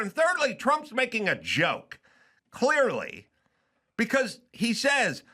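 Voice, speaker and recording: A man's voice: very high voice, huge pitch swings, slow, sharp tone. A middle-aged man hosting a podcast, ranting emphatically and profanely, slipping into mimicked voices. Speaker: podcast host. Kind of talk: casual podcast rant.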